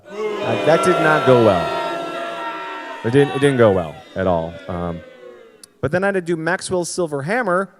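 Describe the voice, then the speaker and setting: A man with a mid-range voice hosts his weekly comedy-music livestream from home, and the audio has a big-room sound. He rambles through casual banter, putting himself down and cracking crude jokes.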